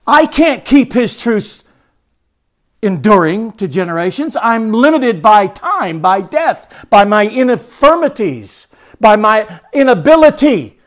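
High-voiced male pastor preaching emphatically. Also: big pitch swings, slow. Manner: emphatic, swings between loud declaration and hushed stress; repetitive preaching cadence. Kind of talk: sermon.

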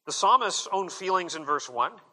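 Bright-voiced man preaching a sermon. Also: sits high, lively intonation, moderate pace, rough recording. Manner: earnest, emphatic expository preaching with rising quoted prayers. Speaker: pastor.

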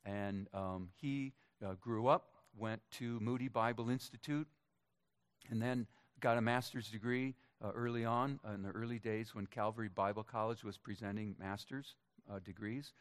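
A middle-aged man from Minnesota giving a personal testimony to a church congregation, in a conversational, halting way with light jokes. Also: fairly low pitch. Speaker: church speaker.

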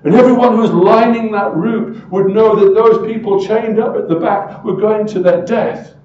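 High-voiced man preaching an emphatic sermon. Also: moderate pace, roomy sound, muffled recording, slight background noise. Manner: emphatic, with rhetorical questions and big swings in loudness. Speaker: pastor.

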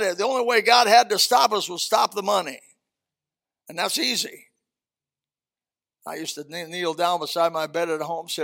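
A man's voice: sits high, moderate pace, gravelly, long pauses, sharp tone. An older man, a senior pastor preaching a sermon in a church auditorium in a folksy, emphatic way with humorous asides.

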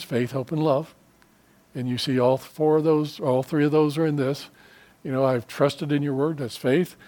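Earnest preaching man, slightly high voice. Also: a little mellow. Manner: earnest, conversational preaching with restarts and prayerful asides. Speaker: pastor. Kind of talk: sermon.

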